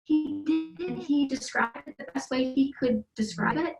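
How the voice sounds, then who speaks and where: A woman's voice: sits high, moderate pace, vocal fry, over loud music. A middle-aged woman recounting a family story in casual conversation, rambling with many restarts. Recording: roomy echo.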